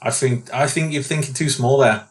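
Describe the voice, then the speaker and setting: Man, podcast co-host, mid pitch, playful, casual chat. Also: normal speed. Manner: playful, teasing questions, laughs often.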